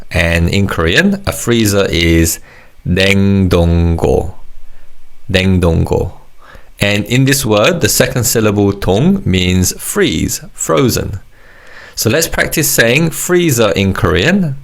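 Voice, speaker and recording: A man teaching a recorded language lesson, encouraging and modeling words slowly for learners to repeat. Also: sits low.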